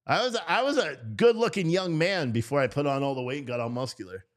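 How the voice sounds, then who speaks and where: A man hosting a casual, unscripted livestream reads chat comments aloud and rants at them, swearing heavily and laughing at himself. His voice is a little high and he talks fast.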